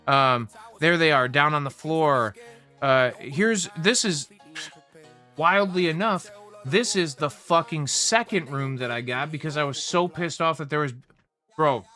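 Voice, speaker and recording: A man's voice: a little high, unhurried, sharp tone, faint music behind. A young man hosting a livestream, ranting casually with heavy profanity and a heated, rambling delivery. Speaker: livestream host.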